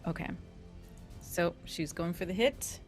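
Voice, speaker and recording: Lower-voiced woman narrating her character's moves. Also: a little slow, faint music behind. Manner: storytelling, loose and casual with fillers. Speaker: player. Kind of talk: describing her character's actions in a tabletop game.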